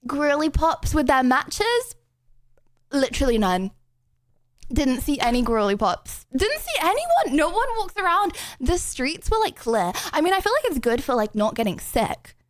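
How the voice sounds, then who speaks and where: Young English woman, high-voiced streamer, chatty and giggly, dry sound. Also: no echo. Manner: rambling, giggly, filler-heavy chatter. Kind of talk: casual chat with viewers.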